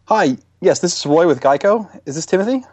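A man's voice: sits high, expressive, a little fast, no room sound, voice pushed up. A man playing a male insurance public relations agent on a prank call, polite at first and then threatening legal action. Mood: fake courteous.

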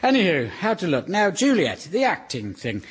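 Give me a sardonic man in his forties as a comedy host, slightly high voice. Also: moderate pace, breathy edge. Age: 40s. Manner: wry, sardonic, lively delivery. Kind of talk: scripted radio comedy monologue. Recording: hissy archive radio recording.

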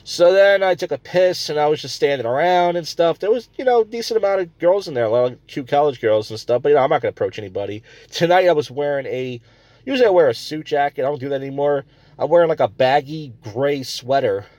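A man's voice: fairly high pitch, expressive, fast talker, a little mellow, no room sound. A man hosting a comedy podcast, ranting crudely and rambling between stories. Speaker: podcast host.

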